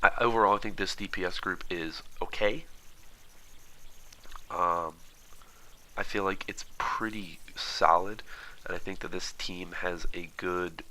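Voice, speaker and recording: Man, deep voice, sharp bright tone, fast rambling talk, lots of "uh" and "um". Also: rough recording. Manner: fast, rambling, many fillers and restarts. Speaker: esports commentator. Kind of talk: casual analysis while watching footage.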